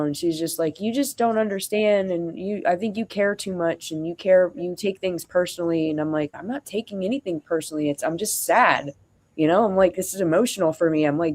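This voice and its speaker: Rambling streamer venting at mid pitch. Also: a little mellow. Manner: rambling, acts out quoted dialogue, frequent fillers. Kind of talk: venting casual storytelling.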